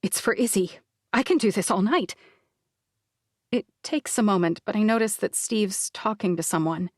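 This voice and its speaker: A woman narrating an audiobook in the first person, with expressive storytelling. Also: mid-range voice, normal speed, no echo, clean studio sound. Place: recording booth. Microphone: studio microphone.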